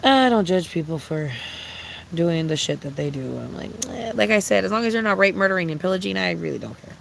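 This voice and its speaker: A young streamer talking off the cuff to their chat, with a gravelly edge of vocal fry running through the voice. They speak bluntly, swear freely, and rant with lively swings, while a faint hiss of noise sits underneath. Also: mid-range voice, a little fast, low-quality recording. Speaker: livestreamer chatting with viewers. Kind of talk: casual unscripted stream chat.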